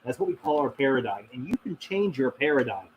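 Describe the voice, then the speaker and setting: A man answers viewer questions during a casual livestream Q&A, speaking briskly in a mid-range voice with big pitch swings. He rambles reflectively, with lots of fillers and restarts, over some background noise.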